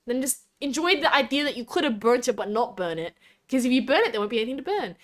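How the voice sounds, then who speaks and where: A woman's voice: on the high side, expressive, fast talker. A young Australian woman streaming as a VTuber, chatting casually with a rambling, giggly way of talking as she reads chat aloud.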